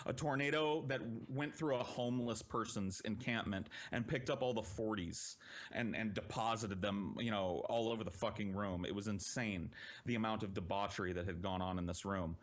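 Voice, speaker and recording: A man telling a long personal story on a podcast in a casual, profane and animated way. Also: mid-range voice, normal speed.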